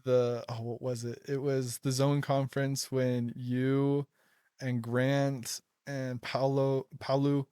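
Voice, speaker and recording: A man's voice: mid-range voice, slow pace, clear, resonant tone, no echo, studio quality. A young man hosting a casual chat, telling stories with frequent laughter. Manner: laughs a lot, excitable storytelling. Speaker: podcast host.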